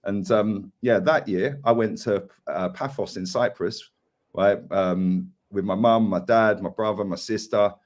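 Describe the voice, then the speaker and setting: A man's voice: fairly low pitch, a little slow, darkish tone. Chatty man telling long stories. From England. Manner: chatty storyteller, says "yeah" and "mate" a lot. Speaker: co-host of a football live stream. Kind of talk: casual chat.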